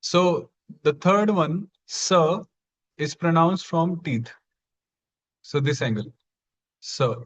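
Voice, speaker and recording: A man's voice: fairly high pitch, expressive, takes it slowly, long pauses. A man teaching Sanskrit pronunciation in an online class, patient and repeating each sound for students to copy. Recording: dull lo-fi sound.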